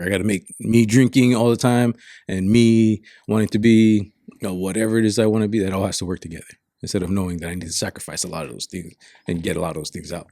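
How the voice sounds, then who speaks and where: A man's voice: low-pitched, vocal fry, a little mellow, no room sound, studio quality. A man from Saipan telling stories in a casual chat, frank and reflective, swearing often. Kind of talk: casual storytelling.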